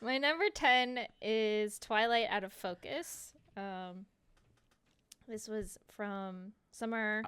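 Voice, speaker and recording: A woman's voice: mid-range voice, slow pace, a bit bright, smooth, no room sound. A woman co-hosting a podcast in casual chat, trading mock-exasperated, laughing banter with her friends. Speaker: podcast co-host.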